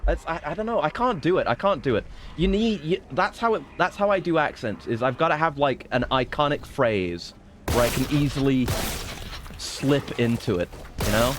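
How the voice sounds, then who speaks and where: A man giving loose, rambling commentary over his gameplay, cursing freely and cracking jokes as he goes. His voice sits at an ordinary middle pitch, with a faint hum of room noise behind it. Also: animated, normal speed, a bit bright. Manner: profane, joking, rambling. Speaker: game streamer.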